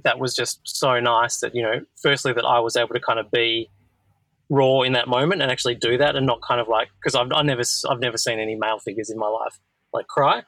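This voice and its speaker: A man's voice: mid-range voice, steady tone, fast talker, a bit bright, no echo, poor audio. A man in his thirties hosting a podcast, talking in a loose, rambling way full of "like". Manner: rambling, heavy use of filler "like". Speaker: podcast host. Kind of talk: casual conversational chat.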